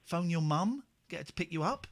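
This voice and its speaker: A man hosting a late-night radio phone-in from a studio, mocking and teasing callers with bursts of shouting. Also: on the high side, animated, fairly quick. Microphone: studio microphone.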